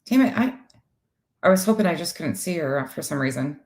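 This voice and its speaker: A woman's voice: deep voice, fairly quick. Blunt swearing woman co-host. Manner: blunt, swears freely, animated. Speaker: co-host of a livestream talk show. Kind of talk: casual livestream chat reading viewer comments.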